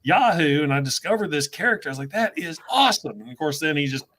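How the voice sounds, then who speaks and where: A chatty man with a Southern US accent, hosting a loose, casual conversation. His voice sits a touch higher than most men's, and he tells his stories quickly with frequent laughs. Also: animated, a bit bright. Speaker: host. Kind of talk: casual livestream chat.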